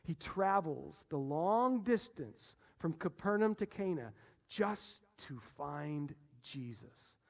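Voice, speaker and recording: A man delivering a sermon from a church stage, his fairly high voice carrying long reverberation around the sanctuary. He drives points home with loud bursts, then drops to a hushed low tone to draw listeners in. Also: slow pace, gravelly. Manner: animated, swings between loud emphasis and hushed low passages. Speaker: pastor.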